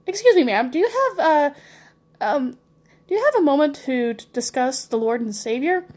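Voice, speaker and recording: A woman's voice: high-pitched, very animated, moderate pace, a little mellow, pitched above the performer's own voice. A woman voicing a timid, polite male preacher at the door, hesitant and stammering. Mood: nervous politeness.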